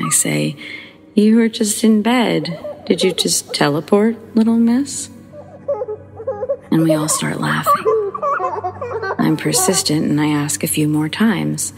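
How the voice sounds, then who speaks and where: A woman narrating true scary stories as the show's host, dropping into a hushed whisper at tense moments. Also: low-pitched, vocal fry. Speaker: horror story narrator. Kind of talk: scripted narration.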